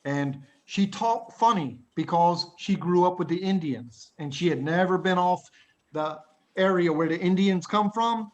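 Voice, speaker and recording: A middle-aged man teaching English to children on a video call, an animated, dramatic storyteller who chuckles often. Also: high voice, a little slow, dull audio.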